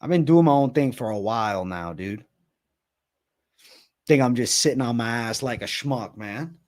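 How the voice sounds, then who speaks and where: A man's voice: medium pitch, animated, normal speed, darkish tone. A man in his twenties hosting a casual livestream, hyped and profane, heavy on slang. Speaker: livestream host.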